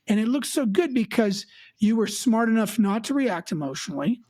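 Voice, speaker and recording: A woman's voice: on the high side, moderate pace, dry recording. Emphatic woman advisor, dry close sound. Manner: emphatic, lively, mimics clients. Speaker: financial advisor. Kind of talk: advisory chat show.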